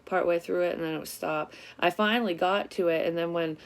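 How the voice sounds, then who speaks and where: Speaking a little quickly in a steady tone, a woman with a low voice for her sex runs a relaxed tarot reading vlog as a psychic. She shares her story frankly and doesn't hold back on swearing.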